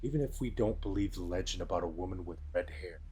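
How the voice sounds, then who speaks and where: A calm young nobleman who talks in an even, measured way as a worried older brother, as a game master puts him on. The voice is deep and low, with a faint hiss behind it. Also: lightly acted. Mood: earnest.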